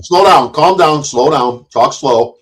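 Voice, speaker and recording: A man hosting a livestream, talking in a somewhat high voice. He taunts his guests, keeps cutting in, and shouts profane insults as the argument heats up. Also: slow. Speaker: livestream host.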